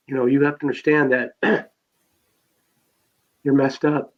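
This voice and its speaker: A man's voice: medium pitch, little pitch movement, measured pace. A man telling his own life story as a podcast guest, rambling with many fillers and restarts. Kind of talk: personal life story told in conversation. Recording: dull lo-fi sound.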